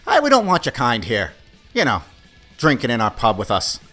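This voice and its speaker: A man putting on a loud drunk Irishman. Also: medium pitch, wildly swooping pitch, moderate pace, soft background music, heavily acted. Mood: hostile. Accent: put-on Irish. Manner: gruff and menacing.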